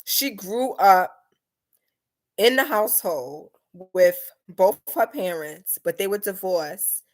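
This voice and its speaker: Chatty young woman on a late-night live stream. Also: fairly low pitch. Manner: lively, chatty, quick mood swings, acts out her mom's lines. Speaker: live-stream host reading chat. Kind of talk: casual chat.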